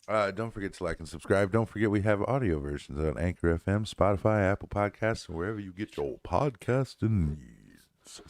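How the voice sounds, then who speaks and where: Deep-voiced man hosting a casual podcast. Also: a little mellow. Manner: loose, joking, rambling. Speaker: podcast co-host. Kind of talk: casual chat and sign-off.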